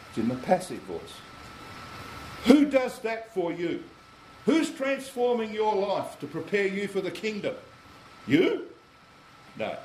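A male preacher delivering a teaching sermon with a fairly high, very lively voice that swoops up on his rhetorical questions. He works through scripture step by step, checking in with the congregation as he goes. The room is echoey, with a faint air conditioning hum behind him.

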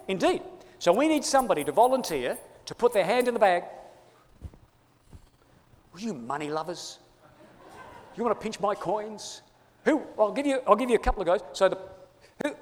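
An Australian man giving a playful, teasing talk to a live audience in a large hall. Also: high voice. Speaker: speaker giving a presentation. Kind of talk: lively audience-participation talk. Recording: long hall reverb.

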